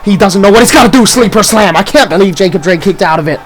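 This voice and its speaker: A man calling a wrestling match play by play, shouting out near-falls and big moves. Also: sits high, slight background noise, low-quality recording. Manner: rapid move-by-move calls, shouting near-falls. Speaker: play-by-play commentator. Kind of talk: excited wrestling commentary.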